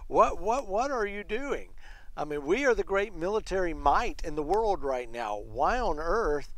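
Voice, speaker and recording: Man reading as a taunting commander, scornful and boastful, voice pushed higher and swinging widely, dry close sound. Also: sing-song, measured pace, fairly bright tone, no room sound, exaggerated voice. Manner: mocking, incredulous.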